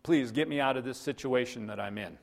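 A man voicing a desperate man stuck on a cliff, shouting and pleading for help. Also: medium pitch, brisk, gravelly.

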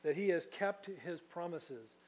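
A man's voice: high-pitched, expressive, a little slow, darkish tone, rough recording. Give me a man preaching earnestly, putting questions to his congregation. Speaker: pastor. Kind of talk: sermon.

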